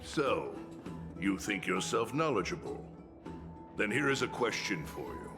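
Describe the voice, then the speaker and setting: A man's voice: lowish voice, big pitch swings, measured pace. An actor playing a stern male game character who tests others with probing questions. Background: game music.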